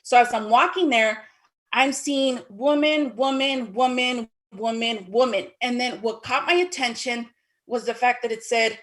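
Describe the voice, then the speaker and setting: A woman casually telling her own story in an animated way, acting out the dialogue with sudden high exclamations. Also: a little slow.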